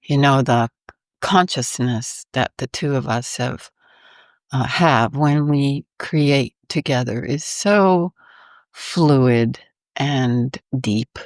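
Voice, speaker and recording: A woman's voice: very deep voice, takes it slowly, no room sound, clean studio sound. A woman guest on a podcast, a vocal artist, telling a story animatedly and laughing often between sentences. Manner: lively, laughs often mid-sentence, acts out her own reactions. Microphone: podcast microphone.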